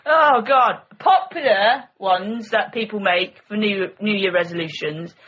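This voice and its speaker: A woman's voice: medium pitch, measured pace, fairly bright tone, husky. A woman, co-hosting a podcast in a chatty, informal way. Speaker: podcast co-host. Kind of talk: casual chat. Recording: dull lo-fi with faint hiss.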